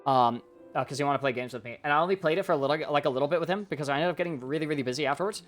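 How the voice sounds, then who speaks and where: A somewhat high-voiced man coaches a player through recorded gameplay, talking things through out loud in a rambling, excitable way. Faint music plays underneath his voice. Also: racing. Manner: excitable, rambling, thinks aloud. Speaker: game coach reviewing gameplay. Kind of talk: casual live-stream coaching commentary.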